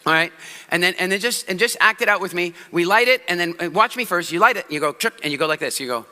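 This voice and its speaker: A man giving a live seminar in a large hall, energetic and playful, drawing the audience into acting things out with him. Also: sits high, quick pace. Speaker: public speaking trainer. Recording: roomy hall with long reverb.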